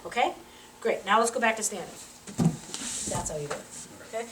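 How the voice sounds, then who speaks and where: A woman, a physical therapy instructor, teaching a live demonstration and coaching a volunteer through an exercise with quick cues and encouragement. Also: mid-range voice, a bit bright, a little hiss or hum. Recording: roomy sound from a distant mic.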